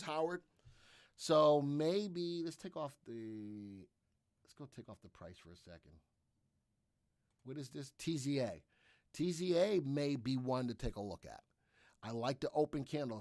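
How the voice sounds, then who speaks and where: A man's voice: mid-range voice, no room sound, studio quality. A man hosting a live trading room, talking energetically and repetitively through his trades while answering viewers' questions.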